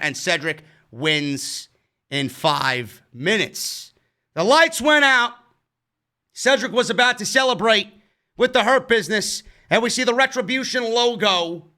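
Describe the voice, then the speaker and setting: New york dude ranting and cussing, highish voice, super bright. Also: male voice. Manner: heated, swears a lot. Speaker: wrestling show reviewer. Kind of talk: casual profane review rant.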